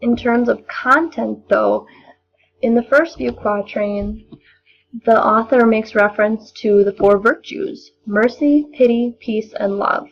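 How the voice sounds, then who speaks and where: Young woman with a gravelly voice. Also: on the high side. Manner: measured, explanatory, occasional restarts. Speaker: student presenter. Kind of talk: poetry analysis lesson. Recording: dull lo-fi recording.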